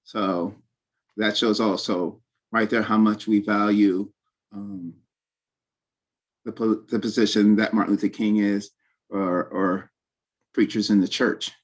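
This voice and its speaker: A man leading a youth workshop discussion over a video call, slow and hesitant, often repeating his words as he searches for them. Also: fairly low pitch, fairly even intonation. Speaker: workshop presenter.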